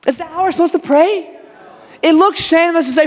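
A man's voice: very high-pitched, quick pace. A man preaching a sermon in a casual, conversational way, acting out quoted lines as he goes. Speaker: pastor. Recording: long hall reverb.

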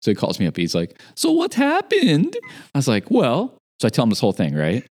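A man in casual chat, telling an animated story about a job gone wrong. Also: low-pitched, very fast. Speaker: podcast guest.

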